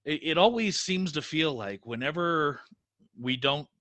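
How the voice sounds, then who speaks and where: A man co-hosting a casual live podcast, stuffy and congested from a cold, talking haltingly with many fillers. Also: a little high, animated, fairly bright tone, no room sound. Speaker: podcast co-host.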